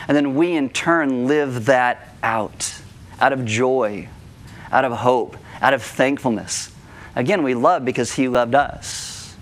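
A man delivers a sermon in a church room, his voice a bit higher than most men's. He speaks earnestly and turns animated when he tells a story, acting out the voices himself. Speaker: pastor.

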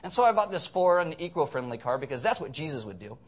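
A man's voice: medium pitch, rapid-fire, fairly bright tone, natural voice. A man doing a whiny, self-pitying churchgoer. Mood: mock-earnest. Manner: sarcastic, mock-earnest, exaggerated.

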